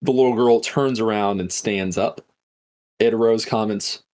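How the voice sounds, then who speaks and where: A man's voice: lowish voice, a little slow, a little mellow. A man hosting a podcast, recapping a film in a casual, swearing storytelling style. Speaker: podcast host.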